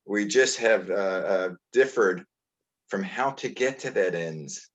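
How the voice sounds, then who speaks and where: An older New York man with a Brooklyn accent hosts a casual chat, telling stories in a rambling, halting way with many restarts. His voice is fairly low in pitch and expressive.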